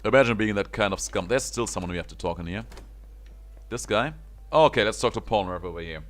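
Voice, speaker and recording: A man's voice: on the low side, expressive, quick pace. A man streaming a game, casually chatting and reading the dialogue aloud with wry asides. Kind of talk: casual gaming commentary.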